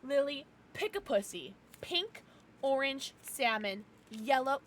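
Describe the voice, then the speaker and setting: A young woman streaming from home with a high, bright voice that bounces all over. She chats loudly with viewers, giggly and profane, and sounds stuffed up from crying. She talks into a desk mic. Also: animated, slow, a little hiss or hum. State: congested from crying. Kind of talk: casual livestream chat.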